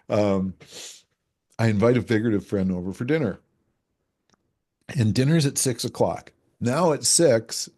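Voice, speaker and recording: A man's voice: lowish voice, darkish tone. A man speaking as an expert guest in an interview, explaining ideas through everyday examples and acting out the voices he quotes. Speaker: relationship energetics expert guest. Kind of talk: explanatory conversational interview talk.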